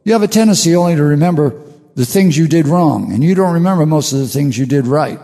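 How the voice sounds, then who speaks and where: Older male host, musing and unhurried, stumbles into restarts; warm, dark tone in a reverberant space. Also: on the high side, expressive. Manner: slow, musing, with halting restarts. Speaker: radio show host. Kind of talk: reflective spiritual monologue.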